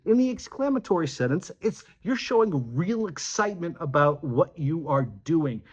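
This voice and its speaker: A man's voice: a little high, lively intonation, normal speed. A man teaching a grammar lesson who acts out example sentences with animation.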